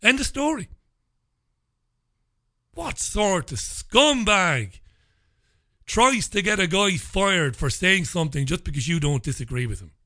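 A man's voice: high-pitched, sing-song, measured pace, pauses often, bright, forceful tone, no room sound, studio quality. A man giving an angry, indignant opinion monologue. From Ireland. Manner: indignant, ranting.

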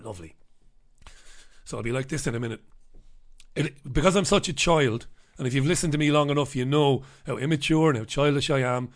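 A man's voice: medium pitch, a little fast, pauses often. A middle-aged man hosting a casual radio show, reading out listener messages in rambling, irreverent, jokey banter.

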